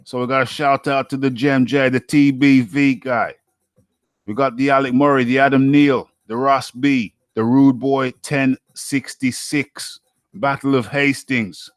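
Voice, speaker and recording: A man from the UK hosts a casual live boxing talk stream and reads out viewer names in a relaxed way. His voice is smooth and resonant at a middle pitch. The sound is close and dry. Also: a little slow, no room sound.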